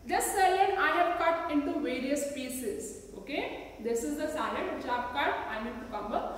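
A woman's voice: high-pitched, a bit bright, a little hiss or hum. A woman teacher with an Indian English accent explains a science lesson while demonstrating, patiently asking her students questions. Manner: slow, patient, asks the class many rhetorical questions. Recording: echoey room, recorded from a distance.

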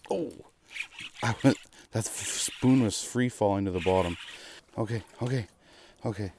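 Excitable ice-fishing man, fairly low voice. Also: unhurried, slight background noise. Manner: excitable, bursts of cheering and repeated exclamations. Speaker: fishing vlogger. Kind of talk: live commentary while ice fishing. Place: ice fishing shelter on a frozen lake.

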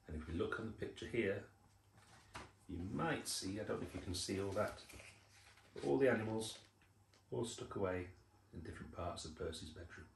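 An older man reading a picture book aloud to children, unhurried, with chatty asides about the pictures. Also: low-pitched, gravelly, slight background noise. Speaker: storyteller. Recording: roomy echo.

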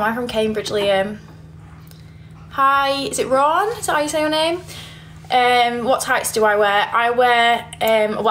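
A woman's voice: a little high, a bit bright, a little hiss or hum. A young woman with a Yorkshire accent, chatting casually on a livestream, reading viewer comments and giggling often. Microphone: phone.

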